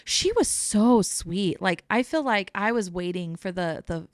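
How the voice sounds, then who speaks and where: Smooth-voiced woman telling lively stories. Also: mid-range voice, a little slow, no room sound, clean studio sound. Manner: lively storyteller who acts out quoted voices. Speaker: professional baker, guest. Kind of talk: casual interview chat.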